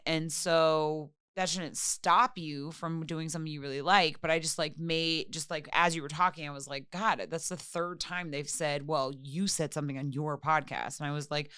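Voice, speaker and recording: Bright, crisp woman co-hosting a podcast. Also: low voice, no room sound, studio quality. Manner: supportive listener, reflective, chimes in often. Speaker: podcast co-host. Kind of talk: casual chat.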